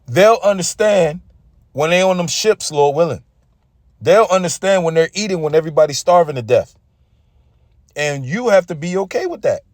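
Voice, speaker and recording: A man's voice: a little high, lively intonation, normal speed, no room sound, clean studio sound. A man giving an intense, casual religious rant, often stumbling and repeating himself. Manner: intense, repetitive, stumbling over words.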